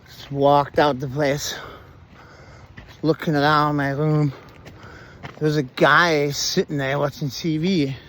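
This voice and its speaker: Animated, foul-mouthed man telling a story. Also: a little high, slight background noise. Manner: swears freely, animated, slangy. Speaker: vlogger telling his own story. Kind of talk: casual storytelling.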